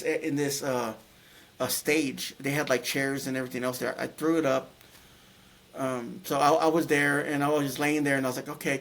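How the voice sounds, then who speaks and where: A middle-aged man telling a personal story in a casual, rambling way, full of restarts and fillers. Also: mid-range voice. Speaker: guest telling his near-death story.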